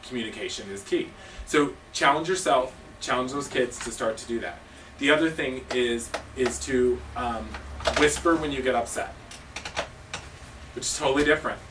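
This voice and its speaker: A man's voice: mid-range voice, moderate pace. Joking man coaching staff from afar. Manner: casual, joking, emphatic. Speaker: cheer coach and judge. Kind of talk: staff training talk. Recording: distant mic with noisy background.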